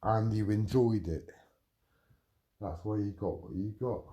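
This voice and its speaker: A man's voice: lowish voice, measured pace, mellow. A middle-aged man on a livestream, ranting angrily and threatening someone while answering chat, with a lot of swearing.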